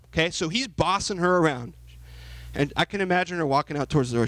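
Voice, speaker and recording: High-voiced young man preaching to teens. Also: quick pace, rough recording. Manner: lively, asks the audience questions, acts out the characters. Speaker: youth pastor. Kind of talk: youth sermon.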